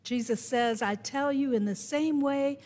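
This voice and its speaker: A woman preaching with a Midwestern American accent, her voice sitting a little high. She tells her story slowly and deliberately, leaning into key words. The sound carries the long reverb of a church sanctuary. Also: a little mellow. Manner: storytelling, slow and deliberate with emphatic rises. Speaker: pastor. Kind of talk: sermon.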